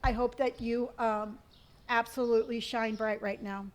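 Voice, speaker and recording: A middle-aged woman streaming live, reading viewer comments and answering them in a warm, gentle way, often calling people honey. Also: a little high, level tone, normal speed. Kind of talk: casual live-stream chat.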